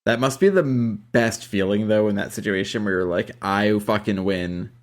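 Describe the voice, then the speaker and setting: A man's voice: fairly low pitch, a little fast. A man co-hosting a podcast in loose casual chat, swearing freely and laughing as he reacts to the episode. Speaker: podcast co-host.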